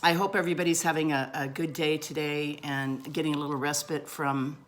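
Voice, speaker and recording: A woman's voice: deep voice, fairly even intonation, brisk, slight background noise. A middle-aged woman telling a funny personal story in a chatty, self-deprecating way and laughing often. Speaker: vlogger.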